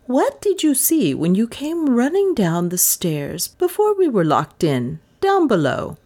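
A composed lady of the house gives short, brisk orders and calm questions, voiced by a woman narrator. Her lines ride a little above the reader's voice with a lively lilt, as in an audiobook. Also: fairly high pitch, voice pushed up, full character voice. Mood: questioning.

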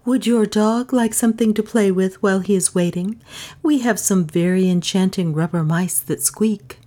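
A woman reading a storybook who voices a polished young receptionist with a soft, insinuatingly confidential manner. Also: medium pitch, moderate pace, lightly acted. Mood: smooth.

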